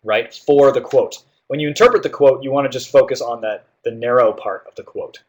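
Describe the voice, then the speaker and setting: Male tutor, mid-pitched, explains test prep casually with lots of "um" and "right?". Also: fairly quick, darkish tone, highs cut off. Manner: explanatory, with frequent fillers and "right?" check-ins. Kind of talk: guided test-prep walkthrough.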